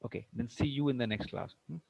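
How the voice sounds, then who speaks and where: A male English teacher with a gravelly, slightly rough, somewhat mellow medium-pitched voice talks quickly through a lecture on word stress. The dull, dry lo-fi recording has no room sound. He repeats himself, restarts for emphasis, and often checks that students understand.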